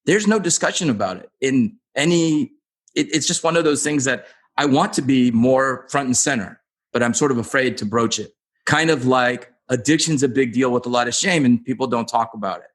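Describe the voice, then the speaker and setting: A podcast host with a mid-range voice conducts a casual interview at normal speed. He sounds earnest and thinks aloud while posing his questions.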